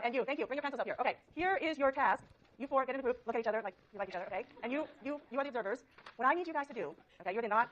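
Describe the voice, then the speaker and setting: A woman's voice: fairly high pitch, a bit bright. A woman psychology lecturer teaching a university class, coaxing students with frequent okays. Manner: brisk, coaxing, many okays. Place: large lecture hall. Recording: dull lo-fi lecture recording.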